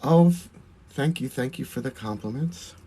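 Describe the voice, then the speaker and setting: A man's voice: mid-range voice, lively intonation, moderate pace, dark tone, slightly rough. A man with a Long Island accent, a drag performer chatting through a livestream while doing his makeup, answering viewer comments and laughing often.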